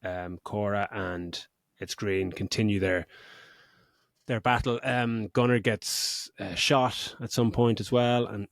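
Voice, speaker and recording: A man's voice: fairly low pitch, fairly even intonation, slow pace, vocal fry, dry recording, clean studio sound. A middle-aged man co-hosting a podcast, recapping a film in casual chat, sarcastic, swearing freely and laughing often. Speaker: podcast co-host.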